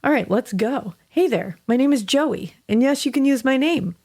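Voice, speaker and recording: A woman's voice: sits high, animated, moderate pace, a little mellow, breathy edge. A woman co-hosting a casual podcast, reading a listener's story aloud in a chatty, easygoing voice. She laughs easily and drops casual swear words along the way. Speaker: podcast co-host.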